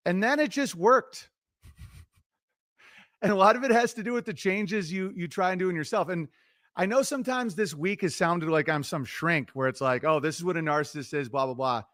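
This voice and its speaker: A middle-aged man talking loosely on a livestream, giving relationship advice in an animated, profane, self-interrupting ramble. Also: sits high, normal speed, dry recording, studio quality. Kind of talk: casual rambling monologue.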